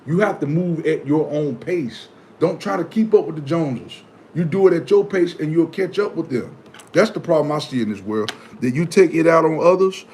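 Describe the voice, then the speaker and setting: Middle-aged male vlogger, AAVE, chatty advice giver, animated, slightly high voice, light noise. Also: moderate pace. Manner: animated, acts out his own past reactions in high yelps. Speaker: vlogger reading viewer comments. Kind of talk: casual motivational talk.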